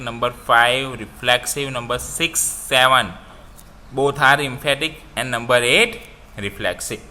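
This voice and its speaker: A man teaching a grammar lesson, explaining slowly and repeating each example with phrasing. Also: mid-range voice, sharp tone, slight background noise. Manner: slow, repetitive explaining with non-native phrasing.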